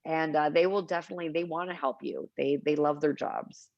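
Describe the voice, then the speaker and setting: A woman's voice: low-pitched, a little fast, dry recording, highs cut off. A middle-aged woman, a cannabis advocate, telling stories in an interview and acting out what people said. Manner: animated, acts out quotes in anecdotes. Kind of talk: storytelling interview chat.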